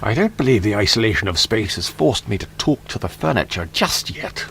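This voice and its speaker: A prim English gentleman. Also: fairly low pitch, big pitch swings, a little fast, gravelly, a little hiss or hum, heavily acted. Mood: dry. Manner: proper, understated and dry.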